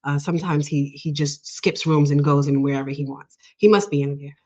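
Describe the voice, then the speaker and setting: Earnest low-voiced woman telling a story. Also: fairly even intonation, a little fast, darkish tone. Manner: earnest, emotional, laughs often, many fillers. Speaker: guest. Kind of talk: personal storytelling in conversation. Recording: dull lo-fi audio.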